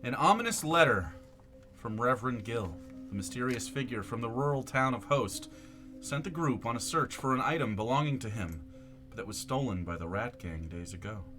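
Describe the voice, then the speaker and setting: A man's voice: medium pitch, lively intonation, normal speed, music in the background. Man narrating a fantasy game recap. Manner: dramatic storytelling recap. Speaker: game master.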